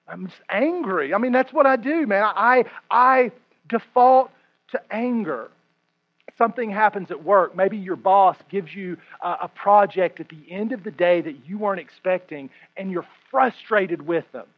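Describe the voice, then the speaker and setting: A man in his thirties, a pastor, preaching a sermon to a congregation, swinging between hushed and loud delivery. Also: high-pitched, animated, measured pace. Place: room with a congregation. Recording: muffled lo-fi recording.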